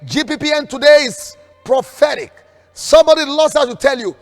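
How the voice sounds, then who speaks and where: A man's voice: very high voice, brisk. A man preaching fervently as a prophet in an online prayer broadcast, urging viewers to repeat declarations after him. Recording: long hall reverb with faint background music.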